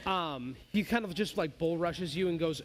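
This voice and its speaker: A man's voice: on the high side, moderate pace. Laid-back male game master. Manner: loose, many fillers, laughs often. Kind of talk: narrating a tabletop game.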